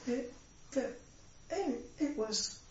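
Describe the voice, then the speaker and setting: An older woman from reminisces in a gentle, halting way, full of fillers. She sits far from the mic in a very echoey room, and the sound is dull. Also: high-pitched, expressive, slight background noise. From Sheffield area, England. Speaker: interviewee. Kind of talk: oral history reminiscence.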